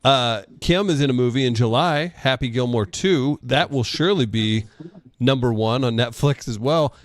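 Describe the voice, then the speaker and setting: A man's voice: medium pitch, moderate pace. A man who regularly joins the chat show, interjecting and steering the conversation. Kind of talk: casual chat.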